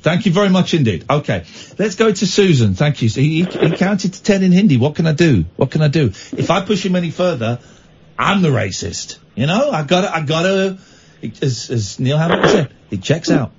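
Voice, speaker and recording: A man's voice: on the high side, big pitch swings, a little fast, slight background noise. A man hosting a late-night radio phone-in, playful and teasing, with mock outrage. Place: radio studio. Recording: muffled radio broadcast.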